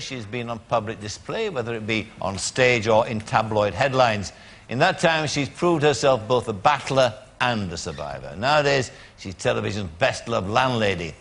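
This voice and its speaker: A man's voice: lowish voice, lively intonation, moderate pace, vocal fry, fairly bright tone. A man in his sixties hosting a chat show, introducing his guest with a build-up and then asking probing questions. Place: TV studio with audience. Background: studio audience.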